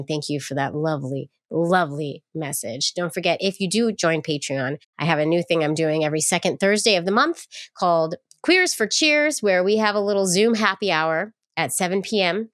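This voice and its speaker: A woman's voice: fairly low pitch, no echo, clean studio sound. Chatty, flippant woman podcast host. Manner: chatty, flippant, laughs often. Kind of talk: casual podcast chat.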